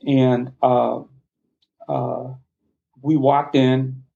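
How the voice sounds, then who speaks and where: A middle-aged man telling a personal family story as a podcast guest, heartfelt and passionate with halting restarts. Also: medium pitch, level tone, creaky, mellow. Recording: slightly muffled lo-fi sound.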